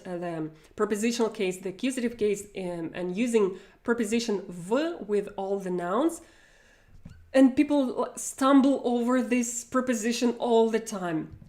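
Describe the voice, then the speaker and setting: Woman teacher, measured slow delivery, demonstrates sounds for repetition. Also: mid-range voice, a little mellow. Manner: demonstrates sounds, repeats and exaggerates them. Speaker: Russian pronunciation teacher. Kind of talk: online pronunciation lesson.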